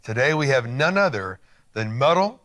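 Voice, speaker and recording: A man's voice: medium pitch, very animated, normal speed, fairly bright tone. A middle-aged man hosting a television interview show, talking in an upbeat, encouraging, chatty way. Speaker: host.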